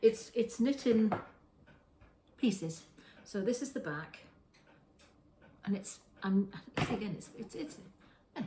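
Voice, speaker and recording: Speaking slowly with lively intonation and a medium pitch, this knitting podcaster rambles through show-and-tell in her home kitchen, frequently restarting and self-correcting. Background noise and an echoey room color the audio.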